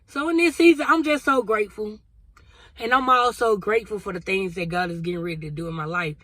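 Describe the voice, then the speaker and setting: A woman's voice: medium pitch, a little fast, sharp tone, dry recording. A woman vlogger sharing a spiritual testimony in a casual, emotional, conversational way, talking straight to her viewers. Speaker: vlogger sharing a prophetic word.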